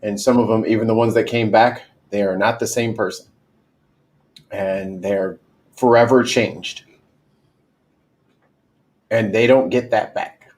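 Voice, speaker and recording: Man, 30s, lowish voice, reflective, somber chat. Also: steady tone, measured pace, pauses often, darkish tone. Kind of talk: podcast conversation.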